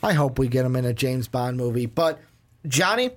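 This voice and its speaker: An expressive man with a medium-pitched voice, speaking at normal speed, co-hosts a casual film review podcast. His retellings ramble, are full of "like," and include acted-out scenes.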